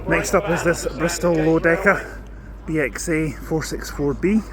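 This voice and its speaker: A man's voice: a little high, measured pace, a loud crowd. A man filming a vintage bus rally, chatting casually and reading out bus registration plates one by one. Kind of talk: casual commentary while filming. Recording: outdoor noise with passing vehicles.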